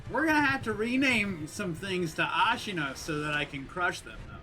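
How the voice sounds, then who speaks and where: A man's voice: high voice, animated, moderate pace, over music. A man chatting casually and joking with mock French asides while live-streaming a video game.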